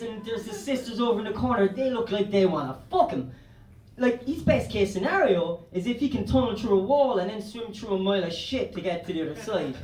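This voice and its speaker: A man's voice: high-pitched, darkish tone. An Irish man doing a stand-up comedy set, rambling loosely and swearing. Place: comedy club stage. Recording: roomy club, distant mic.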